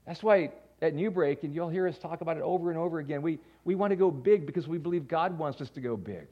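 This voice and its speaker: A man preaching a sermon as pastor, animated, going from loud bursts to quiet asides and stammering as he restarts. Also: high-pitched, fast, few pauses. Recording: dull lo-fi sound.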